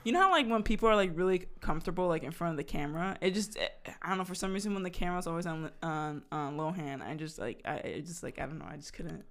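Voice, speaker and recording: A young woman co-hosting a casual podcast, chatty, full of fillers and quick laughs. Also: lowish voice, lively intonation, fairly bright tone. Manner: chatty, laughs often, many fillers and restarts. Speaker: podcast co-host. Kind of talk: casual chat.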